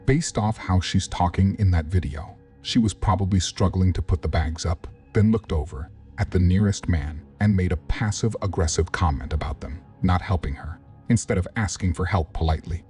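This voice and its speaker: This is a man with a deep voice giving matter-of-fact commentary. He sounds far from the mic, with faint music behind. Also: normal speed, dark tone.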